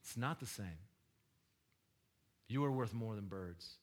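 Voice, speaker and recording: A man's voice: fairly low pitch, lively intonation, slow pace, pauses often. A man preaching a sermon in a conversational style, joking with the congregation and asking them questions. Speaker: pastor.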